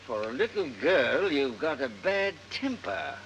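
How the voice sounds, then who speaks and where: Crusty, bark-prone old plantation grandpa, high bright voice swinging all over; old family movie. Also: male voice, very animated, measured pace, a little hiss or hum, heavily acted, poor audio. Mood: gruff scolding. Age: older. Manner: gruff, barking. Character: stern hot-tempered old male plantation owner. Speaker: estranged grandfather. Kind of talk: 1930s film acting.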